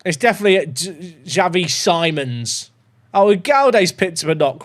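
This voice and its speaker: A young man chatting through a football management game, joking and bursting into excited shouts. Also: high voice, unhurried. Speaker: gaming YouTuber.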